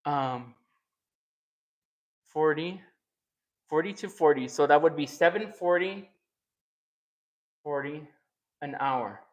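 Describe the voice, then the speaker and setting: A man chatting casually while he cooks on camera, thinking out loud and teasing his viewers. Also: fairly high pitch, slow pace, long pauses, muffled recording. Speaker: cooking and eating vlogger. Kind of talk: casual chat while cooking.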